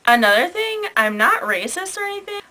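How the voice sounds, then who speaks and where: A woman's voice: very high voice, sing-song, brisk, bright, forceful tone, low-quality recording. A teenage girl ranting to camera, blunt and sarcastic, with plenty of swearing. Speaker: vlogger. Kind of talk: casual rant to camera.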